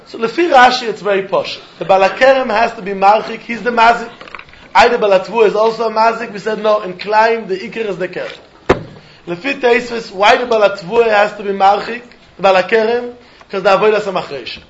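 A man teaching a Talmud lesson, lively and questioning, mixing in Yiddish and Hebrew terms. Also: sits high, brisk, a little hiss or hum. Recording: dull lo-fi recording.

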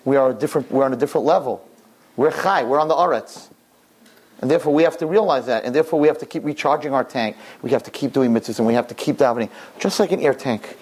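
Older husky rabbi telling a lively story. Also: male voice, fast talker. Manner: animated, jumps into high excited voices. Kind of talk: storytelling sermon.

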